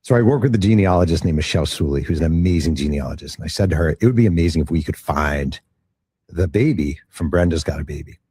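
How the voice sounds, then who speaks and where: Brief: low, husky-voiced male author spinning an animated story, dry close mic. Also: fast talker, no room sound. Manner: animated storyteller acting out quotes. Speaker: author interviewed about his book. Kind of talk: storytelling in an interview.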